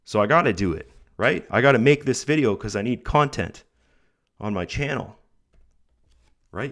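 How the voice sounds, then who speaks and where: A sick young man with a rough throat, chatting casually to his viewers as he talks them through his earnings online and keeps peppering his pep talk with "guys" and "right?". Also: mid-range voice, expressive, moderate pace, pauses often, fairly bright tone. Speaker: online income vlogger. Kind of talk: casual talk to camera over screen recording.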